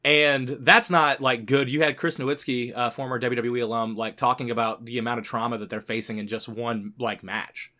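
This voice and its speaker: A man with a bright, forceful voice co-hosts a casual podcast. He rants with heat, swears freely and keeps building his anger from point to point. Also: medium pitch, flat delivery, a little fast, few pauses. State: sick. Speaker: podcast co-host.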